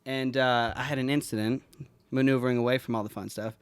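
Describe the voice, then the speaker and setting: A man's voice: medium pitch, steady tone, fast talker, clean tone, no room sound. A man hosting a podcast, telling an emotional story in a rambling, profane, heartfelt way. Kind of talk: casual heartfelt chat.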